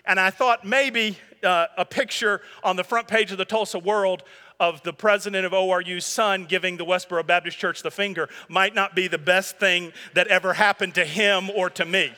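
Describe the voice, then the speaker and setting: High, bright-voiced male preacher. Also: fairly even intonation, moderate pace. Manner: earnest, conversational preaching. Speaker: pastor. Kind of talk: sermon. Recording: long hall reverb.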